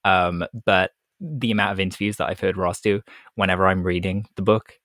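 A man with a very deep voice co-hosts a podcast. He talks in a halting, thoughtful way, stumbling and restarting as he goes. The sound is dry and close. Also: steady tone, a bit bright, dry recording. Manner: halting, thoughtful, with stammers and fillers. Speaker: podcast co-host. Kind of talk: casual podcast chat.

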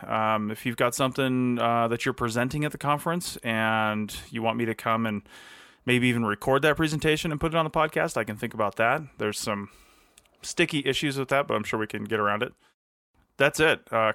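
A man's voice: medium pitch, fairly bright tone, smooth, no room sound, clean studio sound. A man hosting his own podcast from his office, rambling casually with lots of ums and restarts. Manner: chatty, many ums and restarts. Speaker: podcast host.

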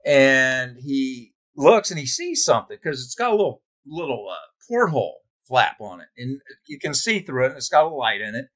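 A man's voice: mid-range voice, moderate pace, hardly any pauses. A man who works as a nurse, telling funny work stories in casual chat and laughing along. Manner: laughing, animated anecdotes. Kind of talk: casual storytelling.

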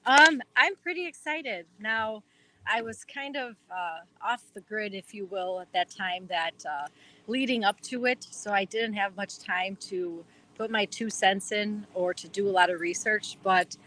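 A woman's voice: medium pitch, measured pace, bright, forceful tone, slight background noise, low-quality recording. A woman with a Wisconsin accent, chatting eagerly as an interview guest, rambling with lots of fillers. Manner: enthusiastic, rambling with many fillers. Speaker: guest fan. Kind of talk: casual interview chat.

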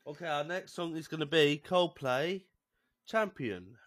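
A man's voice: a little high, lively intonation, a little slow, a bit bright. Easygoing giggly male co-host. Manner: easygoing, giggly, lots of fillers like "yeah". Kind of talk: casual show banter.

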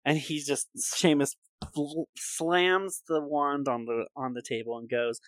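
A man co-hosting a casual podcast chat, eagerly retelling a film scene and slipping into quick voices for the quotes. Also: a little high, no echo. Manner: animated storyteller, puts on quick voices for quotes. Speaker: podcast co-host.

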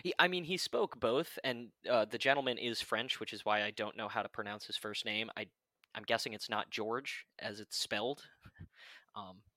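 A man with a bright, forward voice talks eagerly with a co-host. He often restarts his sentences and adds self-deprecating asides. The recording is close and dry. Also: on the low side, moderate pace, dry recording. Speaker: podcast co-host. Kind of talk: casual fan discussion.

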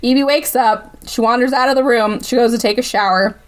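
A woman's voice: fairly high pitch, fairly quick. A woman co-hosting a podcast, casually recapping a bad movie with lots of "like" and swearing. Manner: animated storytelling, swears, fillers like "like". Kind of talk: casual chat.

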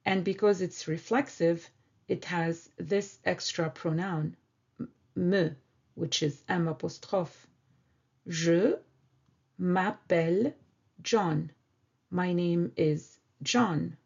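Slow, gravelly woman teaching French. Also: on the low side, fairly even intonation, darkish tone, dull audio. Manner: slow, careful repetition of words. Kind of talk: slow language lesson.

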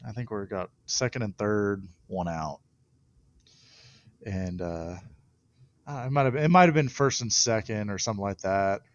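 A young man, a professional pitcher, telling stories in a casual interview, often laughing through them and restarting his sentences. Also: normal speed, dry recording, dull audio.

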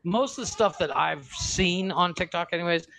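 A man's voice: high voice, normal speed, vocal fry, pushed and bright. A man co-hosting a casual podcast who laughs often and chimes in with short remarks. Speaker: podcast co-host.

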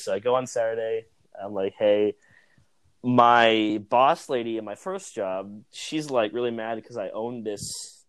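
Rambling young man telling a story. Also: lowish voice. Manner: rambling, self-amused, lots of fillers. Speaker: podcast co-host. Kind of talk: casual storytelling.

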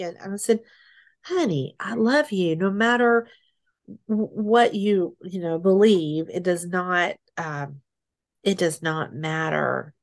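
A middle-aged woman being interviewed, telling her story haltingly, with restarts, soft laughs and sighs. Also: on the low side. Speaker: interview guest.

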